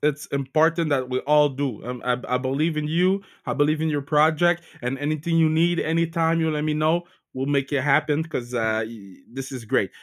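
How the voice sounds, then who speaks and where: A man's voice: fairly high pitch, steady tone, moderate pace, few pauses. A man hosting a casual podcast interview, loose and joking, cursing now and then. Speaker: podcast host. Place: Montreal.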